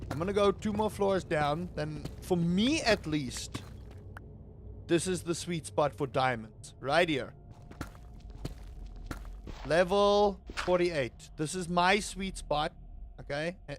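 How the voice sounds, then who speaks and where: A man streaming a game, chatting casually and playfully with his viewers, sometimes bursting into loud, excited hype. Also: fairly high pitch, slow, long pauses, a little hiss or hum. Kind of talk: casual live-stream chat.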